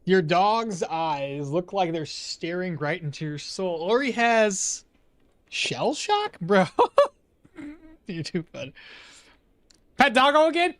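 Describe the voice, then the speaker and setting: A game streamer chatting casually with viewers while playing, animated and talkative, breaking off to coo at a pet at home. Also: medium pitch, slow pace, long pauses, no room sound. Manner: animated, chatty, talks to chat and coos at a pet.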